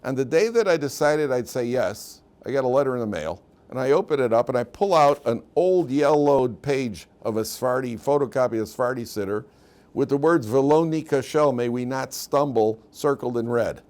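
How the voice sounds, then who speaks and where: A man's voice: medium pitch, normal speed, a little mellow, close to an everyday voice. A man voicing a young bride who earnestly recounts and thanks someone, in his own slightly raised voice.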